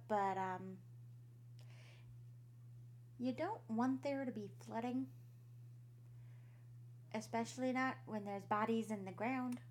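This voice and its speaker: Chatty woman telling a spooky story. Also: on the high side. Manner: laughs often, swears casually, acts out quotes. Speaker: podcast co-host. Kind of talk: casual storytelling chat.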